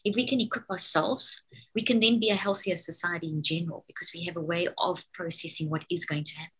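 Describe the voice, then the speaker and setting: A woman's voice: lowish voice, steady tone, fast, a bit bright, slightly rough, poor audio. A middle-aged woman from South Africa, a neuroscientist guest in an interview, talking emphatically and acting out what parents say to children. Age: four adult children, middle-aged or older. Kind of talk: interview conversation.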